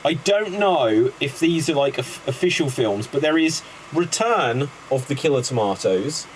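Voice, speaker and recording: A man's voice: fairly high pitch, a little hiss or hum, low-quality recording. A man hosting a live improv comedy show, chatty and upbeat as he introduces the games. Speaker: host.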